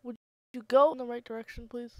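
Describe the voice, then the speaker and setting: A woman's voice: fairly high pitch, steady tone, fast talker, no echo, highs cut off. A young woman commentating her own gameplay, muttering playfully and breaking into sing-song bits as she plays. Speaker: gamer. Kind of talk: casual let's play commentary.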